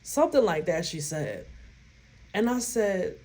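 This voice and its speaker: Woman vlogger talking straight to viewers, animated and blunt, swears freely, acts out her reactions. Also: mid-range voice, unhurried, long pauses. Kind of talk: casual storytelling to viewers.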